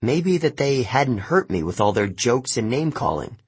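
A man reading a first-person adventure novel aloud, lively storytelling that jumps up for shouted lines. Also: medium pitch, normal speed, slightly rough. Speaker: audiobook narrator. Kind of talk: scripted narration of a novel.

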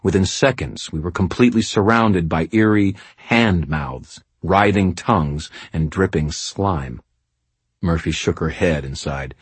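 Male audiobook narrator, very low, husky, wry first-person read, dry studio sound. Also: unhurried, dry recording.

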